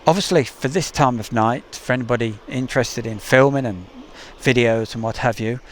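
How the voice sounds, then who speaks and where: A man's voice: medium pitch, moderate pace, a little hiss or hum. A man with an East Midlands accent, hosting a casual live stream outdoors and chatting as he reads out viewer messages. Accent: East Midlands English. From England. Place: outdoors near an airport at night. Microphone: camcorder mic.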